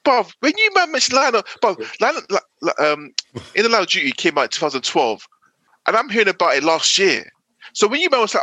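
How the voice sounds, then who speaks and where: A man's voice: high-pitched, big pitch swings, quick pace, pushed and bright, slightly rough, no echo. A young man, a podcast co-host, ranting emphatically and repeating himself in heated casual chat.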